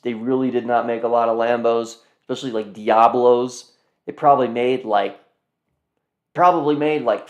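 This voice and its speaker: Rambling man hosting a car stream. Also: mid-range voice. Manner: rambling, talks to viewers as "guys", repeats himself. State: yawning, tired. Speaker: car auction livestream host. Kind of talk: casual live commentary.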